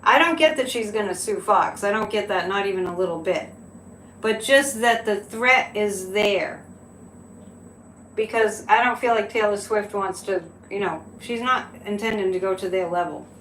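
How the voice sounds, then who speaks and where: Hosting a psychic livestream, a woman chats casually, laughing often and tossing in incredulous asides. Her voice is medium-pitched and slightly bright, with a faint hiss or hum. The room is echoey, with a little ambient noise in the background.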